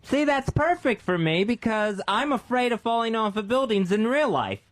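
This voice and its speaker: A man co-hosts a talk radio show, chatting casually and giggling as the sidekick. His voice is high and very lively, swinging up and down, and it is recorded close and dry. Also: moderate pace, no room sound. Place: radio studio.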